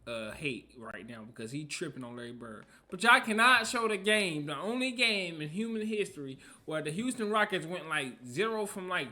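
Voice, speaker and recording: Young male streamer reacting live: high, bouncy voice, very bright and sharp, slangy and excitable. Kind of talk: casual reaction commentary.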